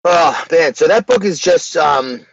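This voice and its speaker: An unhurried man with a high-leaning, gravelly voice chats as a podcast guest who runs a social media page. He talks emphatically and casually with slang. The recording is dry and dull-sounding.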